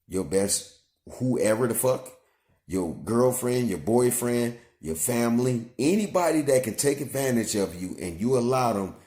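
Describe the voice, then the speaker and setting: A man lectures straight to the camera, cussing freely and hammering his points home by repeating them. His voice sits at an ordinary middle pitch. The room around him rings with a noticeable echo. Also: a little mellow. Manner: blunt, cussing, emphatic, repeats himself. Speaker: vlogger giving life advice. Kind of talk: profane motivational monologue. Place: at home with his young son nearby.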